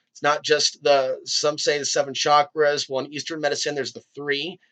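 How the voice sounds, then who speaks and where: A man's voice: medium pitch, sharp tone. A man hosting his own video, talking in a loose, rambling spiritual monologue that drifts from tangent to tangent. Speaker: video host. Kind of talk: free-flowing spiritual monologue.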